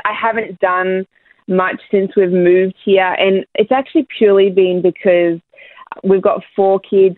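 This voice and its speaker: A woman's voice: mid-range voice, no room sound. Australian woman on a tinny phone line. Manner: laughs often, candid and cheeky. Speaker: guest, church planter. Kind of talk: radio interview.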